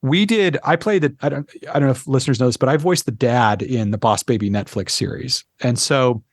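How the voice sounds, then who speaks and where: A man's voice: mid-range voice, a little fast, no room sound, studio quality. A man, a sound editor, chatting as a guest in an interview and telling stories in a rambling way with lots of fillers. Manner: animated storyteller who acts out quoted lines; rambling, with many fillers and self-corrections. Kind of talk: casual interview chat.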